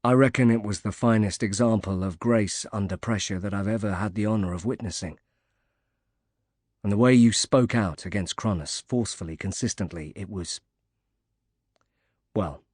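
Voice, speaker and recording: A male narrator voicing a grateful widowed father recovering from injury, speaking softly and haltingly. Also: low voice, breathy edge, no echo, studio quality. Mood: moved, grateful. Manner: soft, halting, moved.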